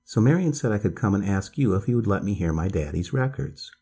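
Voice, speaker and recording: A man's voice: fairly low pitch, lively intonation, a little fast, mellow, slightly rough. A man voicing a blunt, proud and impatient six-year-old girl in a storybook reading.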